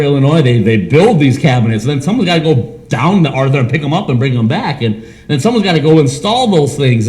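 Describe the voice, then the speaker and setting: A man preaching a sermon as pastor of a small church, with a Midwestern American accent, who acts out imagined conversations. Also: a little high. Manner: animated, acts out imagined dialogue.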